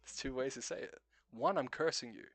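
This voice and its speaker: A man's voice: mid-range voice, fairly quick, gravelly, fairly bright tone, no echo. A young man with a New Zealand accent, hosting a casual late-night stream chat, swearing freely, laughing often and musing about life. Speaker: stream host.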